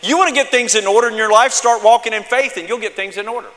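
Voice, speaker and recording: A male pastor preaches fast, using emphatic repetition and call-and-response. His high, bright voice rings out through a hall with long reverb.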